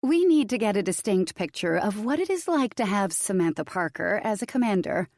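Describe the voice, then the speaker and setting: A woman voicing a poised female vampire official in an audiobook, speaking in a formal, measured way. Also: medium pitch, big pitch swings, a little mellow, no echo.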